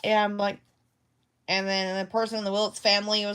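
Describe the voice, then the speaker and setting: A woman's voice: mid-range voice, little pitch movement, a little fast, fairly bright tone, clean tone. A woman vlogging casually at home about her craft projects, rambling and hesitant with many restarts. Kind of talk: casual talk to camera.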